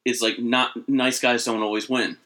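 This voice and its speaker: A man co-hosting a podcast, chatting casually with rambling, halting restarts. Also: mid-range voice, level tone, bright, forceful tone. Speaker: podcast co-host. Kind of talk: casual chat.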